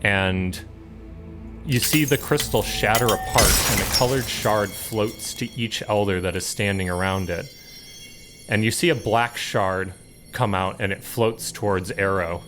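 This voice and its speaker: A man narrating a tabletop game as game master, calm and descriptive. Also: on the low side, measured pace, over music.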